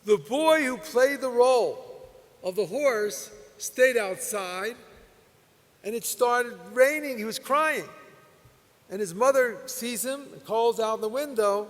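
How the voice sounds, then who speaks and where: Older man, rabbi; folksy Torah lecture, high-pitched, convention-hall echo. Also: animated, takes it slowly. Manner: folksy storytelling with soft laughs. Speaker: rabbi speaker. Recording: long hall reverb.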